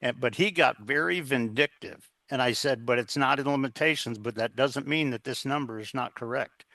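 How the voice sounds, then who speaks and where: A man's voice: mid-range voice, moderate pace, bright, forceful tone, dry recording. A man telling an earnest story as a guest in a casual interview, acting out the dialogue as he goes. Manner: earnest, anecdotal, quotes others in dialogue.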